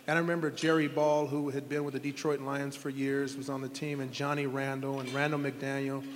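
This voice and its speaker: A man's voice: medium pitch, flat delivery, brisk, long reverb tail. A middle-aged man, a former football quarterback, telling heartfelt stories in an interview with earnest, rambling restarts. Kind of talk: interview storytelling.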